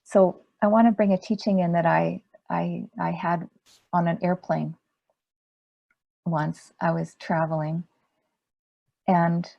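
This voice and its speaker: A woman meditation teacher giving a dharma talk in a gentle, unhurried way, asking rhetorical questions. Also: fairly low pitch, flat delivery, gravelly, lo-fi sound.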